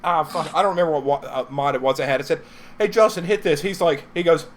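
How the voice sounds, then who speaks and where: A man co-hosting a casual live-stream talk show, swearing freely and laughing loudly. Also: on the high side, fairly even intonation, very fast, a little hiss or hum. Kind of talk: casual profane banter. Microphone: live-stream microphone.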